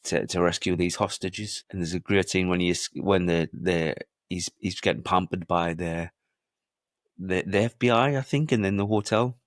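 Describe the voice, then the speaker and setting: A man's voice: sits low, moderate pace, no room sound, clean studio sound. A man co-hosting a podcast, telling movie stories with sweary enthusiasm in casual chat. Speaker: podcast co-host.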